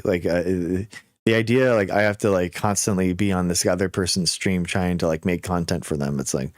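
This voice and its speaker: A man hosts a casual livestream with a low voice. He talks straight to his viewers, stumbling over restarts and slipping into mocking quotes. The sound is close and dry, with no room around it. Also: no echo. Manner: animated, lots of filler and restarts, quick mocking asides. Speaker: livestream host.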